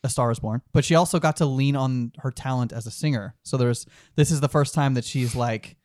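A man's voice: medium pitch, brisk, a little mellow, no room sound, clean studio sound. A man co-hosting a podcast, giving rambling, opinionated takes on a film in casual chat and swearing freely. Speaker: podcast co-host. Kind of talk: casual movie-talk chat.

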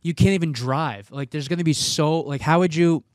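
A man's voice: a little high, moderate pace, dry recording, studio quality. A man co-hosting a casual podcast chat, rambling and restarting his thoughts as he goes. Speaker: podcast co-host.

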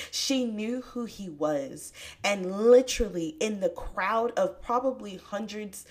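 A woman hosting a podcast, talking about scripture in a casual, chatty way with bursts of excitement. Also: mid-range voice, slow. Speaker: podcast host. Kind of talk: casual faith podcast talk.

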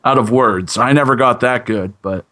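A man, a podcast host on as a guest, explaining in a measured, casual way. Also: medium pitch, a bit bright.

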